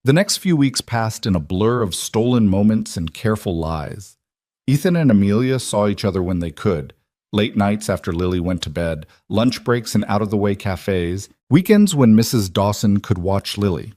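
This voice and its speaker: A man reads a romance story aloud in steady, measured narration. His voice sits fairly low. The recording is dry and close, with no room echo. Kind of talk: scripted audiobook narration.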